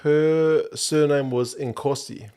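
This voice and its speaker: A man with a fairly high voice co-hosts a casual rugby podcast. He tells his stories in a dry, laid-back way. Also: fairly even intonation, takes it slowly, mellow, smooth. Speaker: podcast co-host.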